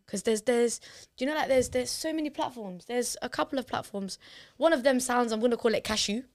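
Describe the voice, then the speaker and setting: A woman co-hosting a relaxed podcast, her voice sitting a little high. She rambles loosely, stacks up fillers and swears without a second thought. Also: a little fast. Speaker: podcast co-host. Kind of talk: casual chat.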